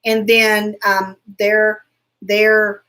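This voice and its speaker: A woman hosting a casual live chat, telling a story in a chatty, animated way and answering viewers. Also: mid-range voice, very slow. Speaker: show host.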